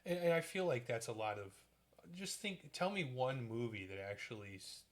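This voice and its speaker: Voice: mid-range voice, sing-song, moderate pace. Agreeable middle-aged podcast co-host. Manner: agreeable, finishes the other's sentences. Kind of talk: casual chat.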